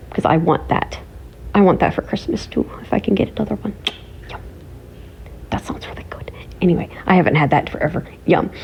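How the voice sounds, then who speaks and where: A woman's voice: mid-range voice, creaky, darkish tone, husky. Giggly, teasing woman chatting to viewers. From Ohio, USA. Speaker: vlogger. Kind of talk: casual chat to viewers. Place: home.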